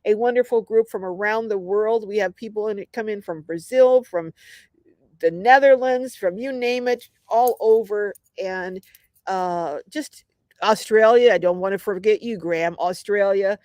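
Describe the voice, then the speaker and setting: A woman's voice: mid-range voice, measured pace, darkish tone, dry recording. A middle-aged woman hosting a casual livestream, chatty and upbeat, reading out viewer comments with lots of ums. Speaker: livestream host.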